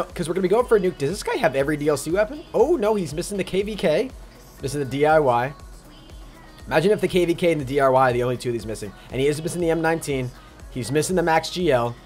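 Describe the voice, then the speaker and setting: A young man live-streaming a video game, greeting viewers by name in rapid casual shoutouts and chatting about his plans. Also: fairly high pitch. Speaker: livestreamer. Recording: faint music behind.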